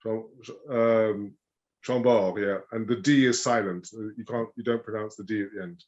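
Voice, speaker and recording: A man's voice: lowish voice, steady tone, moderate pace, a little mellow. Patient man, muffled call. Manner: patient, teaching French pronunciation. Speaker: rose expert guest. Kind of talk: casual interview chat.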